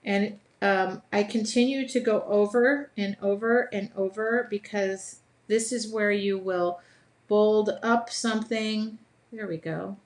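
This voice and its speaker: A woman's voice: medium pitch, steady tone, takes it slowly, darkish tone. A woman hosting a live drawing session from her art studio, chatting in an upbeat, self-deprecating way while she draws. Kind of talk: casual live demonstration.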